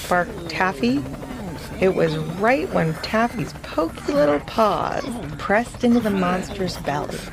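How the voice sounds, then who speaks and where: A woman narrating a children's fantasy story in a playful, unhurried way. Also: medium pitch.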